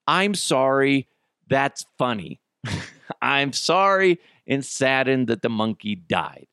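A man riffs loosely on strange headlines, laughing and swearing as he goes. His pitch swings up and down a lot, and the close mic sounds dry. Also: sing-song, slow pace, sharp tone, clear, resonant tone, no echo. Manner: laughing, joking, profane. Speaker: podcast host. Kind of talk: casual comedic commentary.

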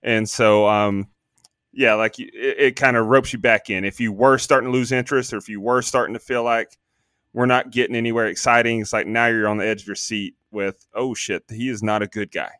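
A man's voice: medium pitch, steady tone, fairly quick, fairly bright tone, no room sound, clean studio sound. A man casually chatting about a movie on a podcast, joking, rambling and swearing freely. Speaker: podcast co-host. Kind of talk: casual movie review chat.

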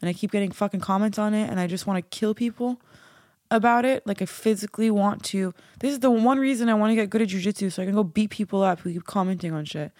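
A woman's voice: mid-range voice, quick pace, a little mellow, no echo. Woman, podcast host, candid casual monologue, frank and self-mocking, swears freely, mid-range voice, dry close sound.

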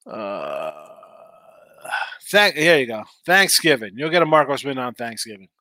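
A man's voice: medium pitch, big pitch swings, unhurried, bright, forceful tone, no room sound. A tired man hosting a sports betting live stream, chatting casually and reading viewer comments aloud in a laid-back, slangy, rambling way. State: tired, yawning, injured arm. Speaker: sports betting show host.

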